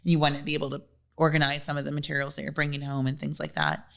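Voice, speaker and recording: Lower-voiced young woman chatting easily. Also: fast talker, gravelly. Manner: chatty, animated when retelling. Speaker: interview guest, bride. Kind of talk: casual podcast conversation.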